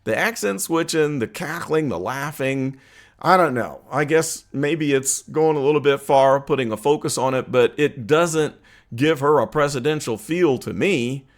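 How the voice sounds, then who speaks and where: A man hosts his own political commentary vlog, delivering an opinion monologue earnestly and conversationally in a slightly high voice, with frequent "uh" and "um" pauses.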